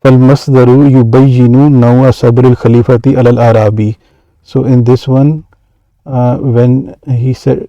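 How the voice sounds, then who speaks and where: Man teaching grammar with a dark voice. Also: mid-range voice, no echo, highs cut off. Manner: hesitant, many fillers and restarts, reads Arabic quickly then translates. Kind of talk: explaining lesson examples.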